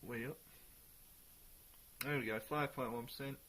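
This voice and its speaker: A man's voice: mid-range voice, steady tone, measured pace, pushed and bright. Chatty man reviewing beer. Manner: chatty, hesitant when searching for words. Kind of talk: casual product review.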